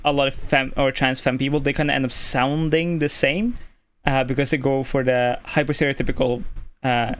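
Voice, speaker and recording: A streamer from Norway with a male-sounding voice, casually explaining voice tips at a desk mic, keeping the voice relaxed and filling pauses with "like". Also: medium pitch. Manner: relaxed, deliberately easy on the voice, lots of "like" fillers. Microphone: desk microphone.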